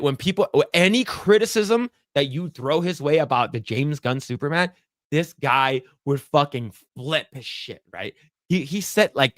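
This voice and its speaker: A man co-hosting a podcast in casual chat, animated and profane, with sudden leaps into a much higher voice when acting out reactions. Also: dry recording, studio quality. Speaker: podcast co-host.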